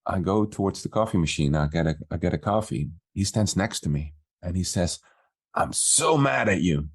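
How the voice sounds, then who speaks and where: A man's voice: sits low, brisk, slightly rough. A man, a business coach, casually telling a story from his work and acting out what people said. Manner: relaxed storyteller, acts out quoted dialogue.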